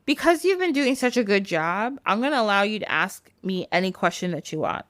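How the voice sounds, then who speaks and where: A woman's voice: medium pitch, expressive, brisk, fairly bright tone, dry recording, studio quality, lightly acted. A woman voicing an old, threatening, suspicious witch in a casual folktale retelling. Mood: grand.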